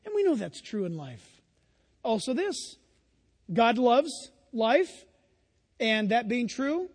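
A pastor with a very high, sing-song voice takes his time, leaving long pauses as he preaches in a church with a big-room sound. He tells stories conversationally and asks the congregation rhetorical questions.

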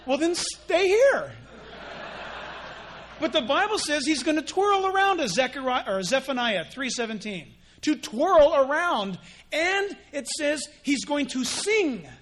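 A male pastor preaching a sermon in an animated way, acting out mock dialogues. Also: very high-pitched, measured pace.

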